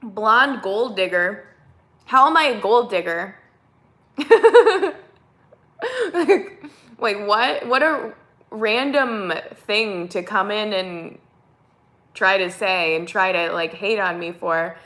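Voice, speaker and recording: An American woman with a Minnesotan accent hosts a casual live stream, chatting as she reads viewer comments aloud and answers them. Her mid-range voice is animated and fairly bright, and she takes her time with frequent pauses.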